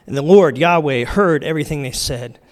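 A man's voice: fairly high pitch, a little fast. A middle-aged man, a pastor, preaching in a conversational, candid, self-deprecating way. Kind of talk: sermon. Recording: hall reverb.

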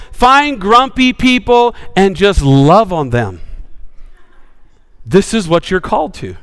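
A male pastor preaching with passion, swinging from bold rises to sudden hushed drops. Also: high-pitched, smooth, in a large hall. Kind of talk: sermon.

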